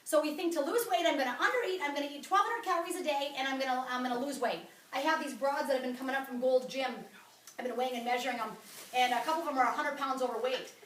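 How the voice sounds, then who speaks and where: A woman giving an energetic, blunt wellness talk to a group in a meeting room. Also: high voice, fast talker, slight background noise. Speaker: wellness coach presenter. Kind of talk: sales presentation to a group. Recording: roomy, from far off.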